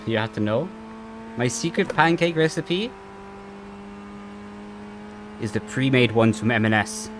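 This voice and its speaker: A young man chats loosely into a headset mic from his home racing rig, reading messages aloud and drifting off topic. His intonation stays flat, his pitch sits mid-range, and faint background noise hums behind him. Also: moderate pace. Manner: chatty, rambling, reads chat aloud and laughs easily. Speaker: sim racing streamer. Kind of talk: casual livestream chat while racing. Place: home sim rig room.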